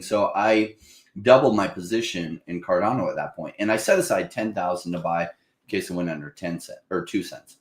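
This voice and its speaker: Here a crypto host keeps the investing talk informal and energetic. He often pitches his voice up to play frantic buyers, and the room adds a noticeable echo.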